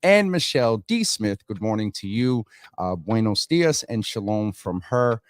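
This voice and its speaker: A man's voice: on the low side, very animated, a little slow, dry recording, studio quality. A man hosting a casual morning livestream, chatting and greeting viewers by name as they join. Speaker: livestream host.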